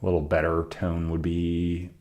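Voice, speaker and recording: A man talking casually on a live stream while recording his own song, chatty and self-critical about each take, his voice not fully warmed up. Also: low-pitched, monotone, measured pace, loud music behind the voice. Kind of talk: casual live-stream commentary between vocal takes.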